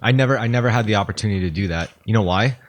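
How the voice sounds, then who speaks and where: A man talks fast and bluntly in a casual podcast chat. His voice sits low, and he is quick to correct and tease his co-host. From Staten Island, New York.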